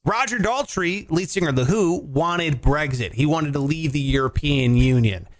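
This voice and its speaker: Animated, high-voiced man ranting. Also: moderate pace. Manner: animated, profane, mocking impressions. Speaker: podcast co-host. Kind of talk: casual chat.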